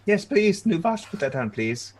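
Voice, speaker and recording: A man's voice: high voice, sing-song, moderate pace, crowd noise, voice pushed up. A man voicing a timid, fussy old woman adventurer who frets and stammers. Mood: nervous politeness. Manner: fretful, flustered and stammering.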